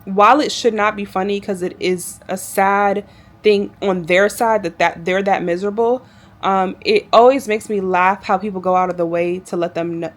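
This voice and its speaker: A woman's voice: medium pitch, steady tone, normal speed. A woman flight attendant telling a work story to her viewers in a chatty, exasperated vlog style.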